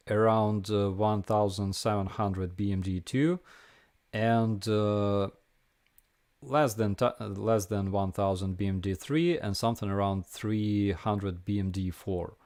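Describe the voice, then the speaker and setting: A young man with a Ukrainian accent hosting a casual live stream Q&A, answering viewer questions in a halting way with many fillers and restarts. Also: on the low side, darkish tone.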